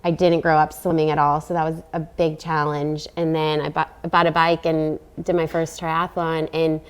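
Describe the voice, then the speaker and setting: A woman's voice: deep voice, little pitch movement, normal speed, smooth. A woman in her thirties, an athlete, speaking steadily and reflectively as an interview guest. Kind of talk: casual interview talk.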